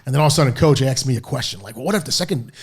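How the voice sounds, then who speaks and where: A middle-aged man talks as a podcast guest, racing through anecdotes at a brisk clip. His pitch sits in an ordinary middle range. He drifts between asides and acts out what his old coaches said. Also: lively intonation, breathy edge. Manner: rambling anecdotes, acts out quoted dialogue. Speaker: interview guest, football coach. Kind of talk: storytelling in a podcast interview.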